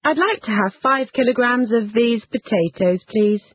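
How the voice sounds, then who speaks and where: A woman's voice: a little high, moderate pace, husky, no echo. A woman reading English example sentences for a phrase lesson. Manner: reads short example phrases, lively intonation. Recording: tinny phone-like band, dry.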